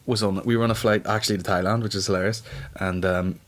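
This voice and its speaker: A man hosting a comedy podcast, telling rowdy stories with plenty of swearing and loud acted-out reactions. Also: lowish voice, fairly even intonation, fast. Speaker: podcast host reading listener questions. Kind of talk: casual comedy podcast banter.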